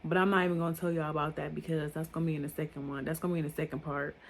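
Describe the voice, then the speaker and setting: A young woman talks straight through a personal storytime in a loose, rambling way. Filler words pile up as she circles back and restarts. Her voice sits a little low for a woman. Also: flat delivery, rapid-fire, a little hiss or hum. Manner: rambling, filler-heavy talk. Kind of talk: casual storytime monologue.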